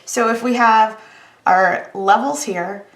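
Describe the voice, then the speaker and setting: A woman's voice: on the high side, slow, echoey room. A woman statistics teacher giving a recorded math lecture in a casual, conversational way, wry about the tedious calculations.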